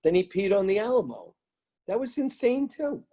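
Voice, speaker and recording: A man's voice: high-pitched, very animated, moderate pace, dark tone. An American man telling music-business stories in an interview, emphatic and rambling, repeating his phrases. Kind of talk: animated storytelling interview.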